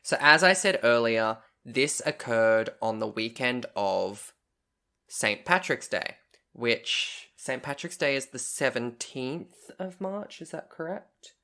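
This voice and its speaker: A man with a bright, tense edge to his voice tells a long story as a podcast co-host. He is chatty and loose, swears casually and slips into the voices of the people he quotes, at a middling pitch. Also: animated, slow pace.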